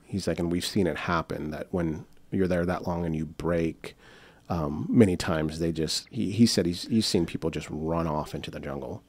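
Here a young American guest talks in a low-pitched, darkish voice at a moderate pace, recorded dry. His story rambles along casually with many fillers and restarts, and he slips into the voices of the people involved.

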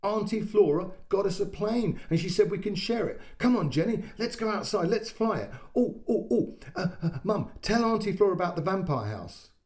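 A man voicing an excited young boy who yells and tumbles over his words in a read-aloud story. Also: sits high, normal speed, hardly any pauses, voice pushed up. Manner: breathless, yelling.

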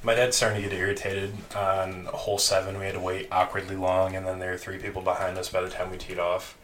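A man co-hosting a podcast, telling a long story in casual chat, animated and laughing, with casual swearing. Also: deep voice, fast talker. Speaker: podcast co-host. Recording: distant mic with faint noise.

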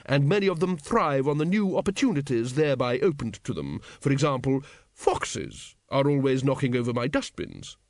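A man's voice: medium pitch, big pitch swings, moderate pace, dry recording, studio quality. A man voicing a doddering, pompous old wizard who rambles grandly. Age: older.

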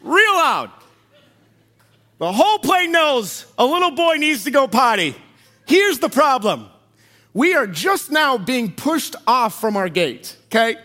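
A male pastor delivers a sermon through personal stories. His voice sits high and sounds bright and forward. He talks conversationally and keeps checking in with the audience. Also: measured pace. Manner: animated, conversational, asks the audience questions.

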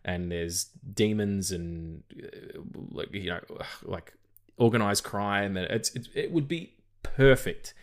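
A male podcast co-host chatting about films in a loose, rambling way. His voice sits a little low. He swears freely and often trips over his words and restarts. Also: slow. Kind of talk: casual chat.

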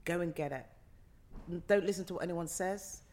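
In a casual interview chat, this middle-aged actor guest speaks fairly quickly, her lowish voice carrying a darkish tone. Passion and emphasis mark her delivery, and she repeats phrases to underline them.

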